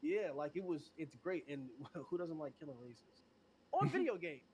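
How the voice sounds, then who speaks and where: Animated slangy man on a podcast. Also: on the high side, normal speed, crowd noise. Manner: animated, laughing, slangy talk. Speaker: podcast guest. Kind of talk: casual chat.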